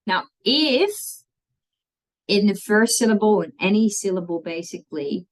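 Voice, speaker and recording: Her voice sits in the mid range, animated yet a little slow, captured on a rough recording. Leading a language lesson, the woman patiently breaks down spelling rules piece by piece, regularly asking "okay?".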